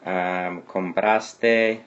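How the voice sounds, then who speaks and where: A man's voice: low voice, steady tone, drawn-out words, clear, resonant tone, lo-fi sound. A man teaching a Spanish grammar lesson who explains patiently and keeps asking "okay?" to check understanding.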